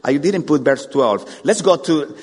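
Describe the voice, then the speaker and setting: A man preaching a sermon, animated, firing rhetorical questions at the congregation. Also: fairly high pitch, measured pace, breathy edge. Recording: long hall reverb.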